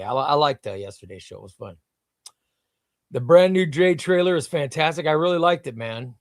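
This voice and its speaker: A man's voice: a little high, expressive, normal speed, no echo, clean studio sound. A man hosting a live comics stream in casual chat, greeting viewers by name and rambling, often repeating himself.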